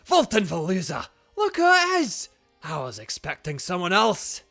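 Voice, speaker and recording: A man voicing a boisterous old male gym leader and chef with a Scottish accent, reading game dialogue aloud in a hearty, drawn-out, folksy way. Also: high voice, wildly swooping pitch, creaky, sharp tone, soft background music, pitched above the performer's own voice, heavily acted.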